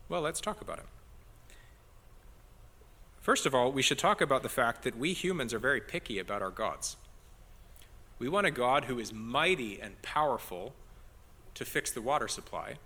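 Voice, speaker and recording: A man's voice: mid-range voice, expressive, normal speed, pauses often, sharp tone, breathy edge, big-room sound. A man preaching an expository sermon as pastor, earnest and building emphasis on key phrases.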